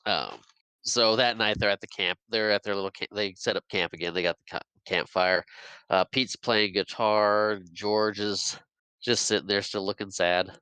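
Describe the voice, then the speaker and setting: Laughing man with a bright voice. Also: on the low side, fairly even intonation, normal speed, clear, resonant tone, no echo, rough recording. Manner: rambling, laughs often. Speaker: podcast co-host. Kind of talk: casual film recap.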